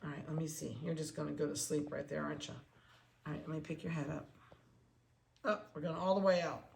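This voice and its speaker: A dog breeder in a casual chat, handling puppies and talking to them in soft baby talk between explanations. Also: mid-range voice, flat delivery, brisk, vocal fry. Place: indoor room of a home. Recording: echoey room, faint background noise.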